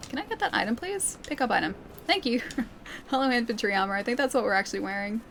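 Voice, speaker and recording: A chatty Australian woman plays a game on a live stream and keeps up an easy back-and-forth with her chat. Her voice sits a little high, and she laughs often between remarks. A faint hum of room sound stays in the background. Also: animated, fast, fairly bright tone. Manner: chatty, laughs often, reads viewer comments aloud. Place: living room at home.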